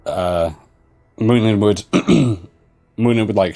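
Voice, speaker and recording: A man's voice: lowish voice, a little slow, long pauses, dark tone, soft background music. A man playing a tabletop role-playing game, describing his character's actions hesitantly with lots of fillers. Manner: hesitant, many fillers and restarts. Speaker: player.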